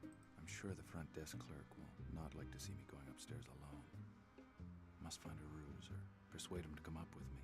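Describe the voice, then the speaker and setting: An actor playing a reserved private detective in a point-and-click game, speaking in a flat, measured way over music. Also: male voice, rumbling low. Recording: game audio with music behind.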